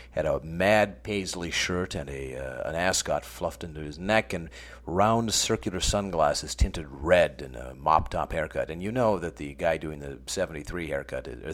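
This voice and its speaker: A middle-aged American man hosting a scripted comic radio monologue with dry, sardonic asides. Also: a bass voice. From United States. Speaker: radio show host.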